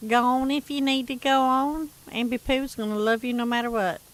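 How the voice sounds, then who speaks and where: A woman's voice: on the high side, level tone, moderate pace. Chatty woman telling stories. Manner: laughs often, chatty, self-mocking. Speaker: livestream gaming host. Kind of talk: casual storytelling chat with viewers.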